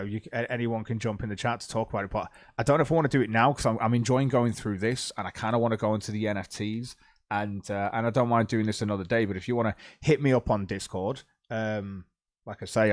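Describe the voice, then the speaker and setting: A man's voice: on the low side, dry recording, clean studio sound. A man streaming live, chatting casually in a rambling way with a lot of swearing and stumbling. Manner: rambling, profane, hesitant.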